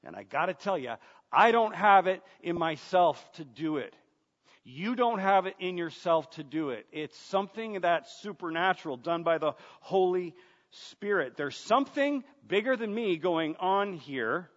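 A man's voice: high-pitched, animated, measured pace. Male pastor, sermon delivery, earnest and questioning, slightly muffled recording. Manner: earnest, rhetorical questions, repeats words. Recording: dull sound, long reverb of a large room.

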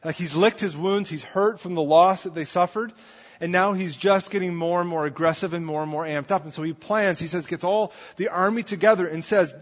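A man preaching a sermon in a conversational way, often checking in with his listeners. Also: high-pitched. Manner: conversational, asks the congregation "right?" often. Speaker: pastor. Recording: dull sound with long hall reverb.

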